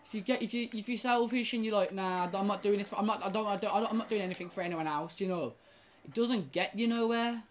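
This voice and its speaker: A woman's voice: mid-range voice, fast, a little hiss or hum. Rambling young woman gamer. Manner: rambling, stumbling restarts, swears at the game. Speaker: gaming YouTuber. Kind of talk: casual gaming commentary.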